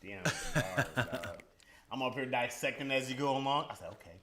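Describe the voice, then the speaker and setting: A man's voice: medium pitch, moderate pace, crowd noise. A man co-hosting a casual talk show, telling things animatedly and acting out what people said. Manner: animated storyteller, acts out quotes, laughs a lot. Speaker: podcast co-host. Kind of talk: casual banter.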